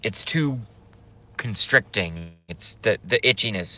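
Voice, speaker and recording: A man's voice: mid-range voice, lively intonation, a little slow, bright, forceful tone. A man doing a comedic, profane live stream rant, keeps breaking into laughing fits. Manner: profane, sarcastic.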